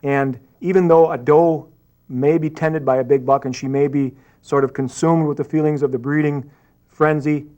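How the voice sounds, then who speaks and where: A man's voice: a little high, steady tone, normal speed, darkish tone, lo-fi sound. A man explaining the ways of hunting calls in an earnest, conversational way, often restarting as he thinks. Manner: earnest, repeats himself while thinking. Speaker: hunting call expert. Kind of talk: explaining on camera.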